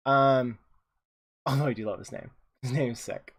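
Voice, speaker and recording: A gaming channel host chats casually and cracks jokes through a gameplay video, reading the game's dialogue aloud. His mid-range voice has a breathy edge, moving at normal speed with long pauses, while faint game music plays behind him.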